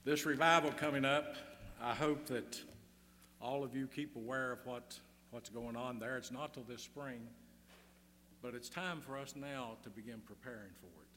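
A man's voice: mid-range voice, normal speed, pushed and bright. Easygoing guy rambling through a funny talk, echoey hall, little hum behind. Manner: easygoing, rambling, many "uh" fillers. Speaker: guest speaker at a church gathering. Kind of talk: folksy humorous speech with tall tales.

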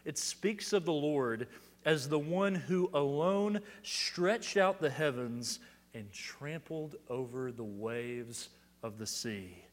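A man preaching a sermon, explaining scripture verse by verse, building to emphatic peaks and dropping to quiet asides. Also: fairly high pitch, takes it slowly, big-room sound. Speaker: pastor.

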